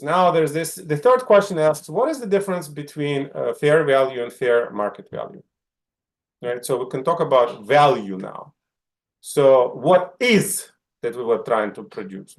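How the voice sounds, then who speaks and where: A man's voice: mid-range voice, creaky. A middle-aged man teaching an online class, asking the students questions and often checking in with "right?". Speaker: instructor.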